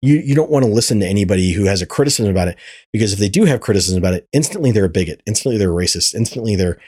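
A man's voice: fairly low pitch, animated, rapid-fire, a little mellow, husky. Ranting profane male podcast host. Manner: ranting, profane, repeats words often. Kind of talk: casual chat.

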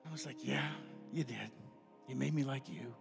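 A man in his fifties giving an informal, conversational sermon, acting out his inner dialogues in lively voices and closing in prayer. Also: medium pitch, normal speed, vocal fry. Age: 50s. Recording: music playing behind.

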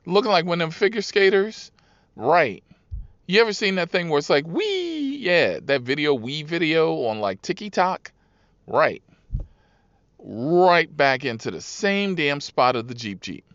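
Animated, profane man telling driving stories. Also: a little high, unhurried, no room sound. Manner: profane, animated, acts out riders' voices. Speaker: rideshare driver and podcast host. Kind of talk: casual storytelling monologue. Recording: dull, dry lo-fi recording.

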